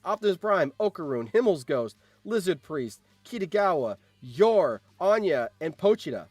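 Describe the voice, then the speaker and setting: A young man streaming, reacting to a game, excitable and swearing, with sudden shouts. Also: a little high, normal speed, no room sound, soft background music.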